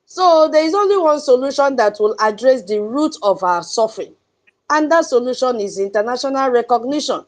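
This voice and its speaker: A woman's voice: sits high, animated, fairly quick. A woman with a Nigerian accent hosting an online audio space, speaking in an emphatic, preachy advocacy style. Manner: chanting drum sounds, emphatic and preachy, laughs often. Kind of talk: impassioned advocacy talk.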